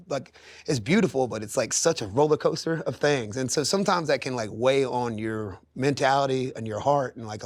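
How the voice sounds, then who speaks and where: An earnest man in his thirties talks openly as a podcast guest. He rambles, circles back and restarts his thoughts at a mid pitch, and the dry close mic carries no room sound. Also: dry recording. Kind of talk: candid conversational interview. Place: podcast studio.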